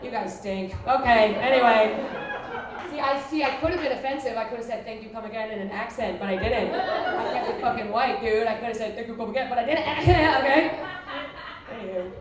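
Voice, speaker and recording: A young woman tears through crude, self-deprecating stand-up and teases the front row. Her voice sits a little high and comes from far off the mic in a very echoey venue, with the audience laughing throughout. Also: expressive. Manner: brash, crude and self-mocking, quick asides to the crowd. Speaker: stand-up comedian. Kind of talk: stand-up comedy with crowd work. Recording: roomy live recording from a distance, crowd laughter.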